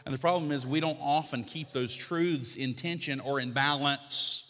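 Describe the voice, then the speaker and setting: A middle-aged man preaching a sermon as pastor, building to emphatic repeated lines, then easing into quiet, conversational teaching. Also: fairly high pitch, moderate pace, big-room sound.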